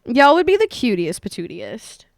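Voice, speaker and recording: A woman's voice: on the high side, big pitch swings, normal speed, creaky, dry recording, clean studio sound. A woman live streamer chatting casually with her viewers, playful and profane.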